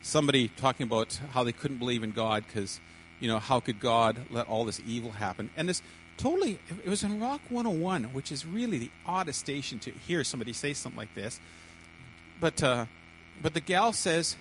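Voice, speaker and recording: Male preacher, mid-pitched, halting delivery with many restarts, sermon to a congregation. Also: lively intonation, a bit bright, slight background noise, rough recording. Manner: halting, repeats words and restarts often.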